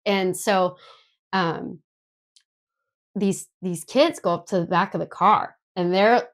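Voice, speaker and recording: A woman co-hosting a podcast, chatting casually and telling an animated story with plenty of swearing. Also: mid-range voice. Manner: animated, swears freely, quick bursts of retold dialogue. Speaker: podcast co-host.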